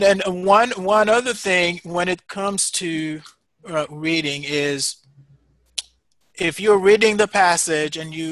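A man's voice: a little high, a bit bright, no room sound. A man teaching a class, giving patient, encouraging feedback with many fillers and restarts. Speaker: instructor.

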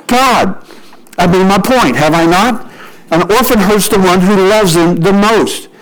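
Male pastor, sermon, high-pitched speaking voice, story-driven, leans on slow emphatic lines; radio broadcast sound. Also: rough recording. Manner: storytelling preacher who shifts pace for emphasis.

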